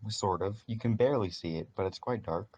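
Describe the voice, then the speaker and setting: A man narrating as game master in a casual tabletop session, with halting restarts. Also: fairly low pitch, darkish tone, slight background noise.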